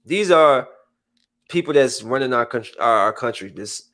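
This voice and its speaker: A man's voice: mid-range voice, moderate pace. A man hosting a podcast in casual chat, talking animatedly and acting out the people he quotes. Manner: animated, acts out quoted voices. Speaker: podcast host.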